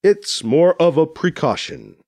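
A man voicing a proud, solemn male alien captain who speaks in a formal, measured way. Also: fairly high pitch, expressive, vocal fry, a little mellow, no echo.

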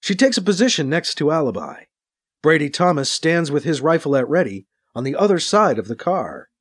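A man's voice: on the high side, a little fast, breathy edge. A man narrating an action scene in an audiobook, voicing the sound effects himself. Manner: animated, with voiced sound effects.

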